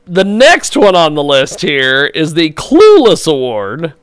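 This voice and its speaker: A man's voice: a little high, wildly swooping pitch, slow pace, smooth, no echo. A man hosting a talk show, laughing often and encouraging his guest, introducing segments in an amused way.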